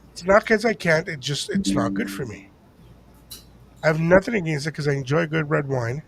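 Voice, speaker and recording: A man's voice: a little high, brisk, creaky, slight background noise. An older man telling a story in casual chat on a podcast, acting out the voices of the people in it. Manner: animated storyteller acting out quotes. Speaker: podcast co-host.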